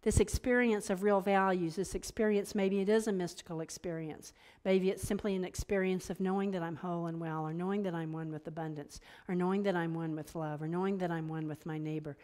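A woman's voice: on the low side, fairly even intonation, fairly quick, few pauses, a little mellow. A woman minister preaching a conversational sermon, full of playful asides and laughing at her own jokes.

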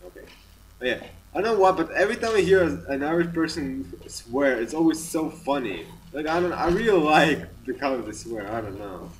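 A man giving excitable gameplay commentary, swearing often and yelling at enemies. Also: on the high side, normal speed, distant mic, poor audio. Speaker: gaming channel host.

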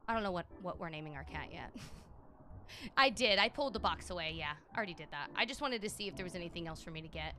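A woman streamer narrating her gameplay live and chatting with viewers, her voice swooping all over the place as she playfully yells at the game's characters. The live-stream audio carries a clear layer of background noise. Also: lowish voice, lively intonation, fast talker.

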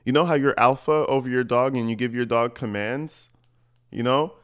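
A man talks over clips in a loose, sarcastic commentary style, cursing and mocking as he goes. His voice is smooth and clean, sitting in an ordinary middle pitch. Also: moderate pace. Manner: sarcastic, crude, mocking asides. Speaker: commentary vlogger.

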